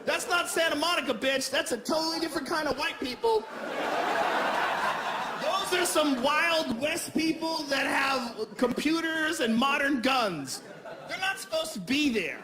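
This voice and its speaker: A stand-up comedian from Boston performing a loud, profane set and acting out characters as he goes. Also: very high-pitched, expressive, a little slow, a loud crowd. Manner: loud, profane, acts out characters mid-bit. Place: comedy venue on stage. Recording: live comedy club recording with reverb, audience noise.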